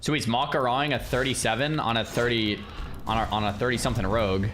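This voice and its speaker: A man's voice: medium pitch, steady tone, fast talker, a bit bright, a little hiss or hum. A man hosting a stream, chatting to viewers in casual reaction commentary, often repeating himself. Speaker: streamer host.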